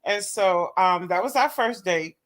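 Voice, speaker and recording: A woman's voice: fairly low pitch, expressive, a little slow. A woman telling a personal story in casual chat, acting out both sides of the conversation and laughing often. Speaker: guest.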